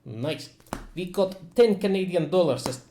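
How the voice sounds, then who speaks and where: A man's voice: high voice, lively intonation, measured pace, mellow, a little hiss or hum. A man chatting casually between turns of a tabletop game stream, distracted and laughing. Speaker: game player on a live stream. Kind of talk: casual chat.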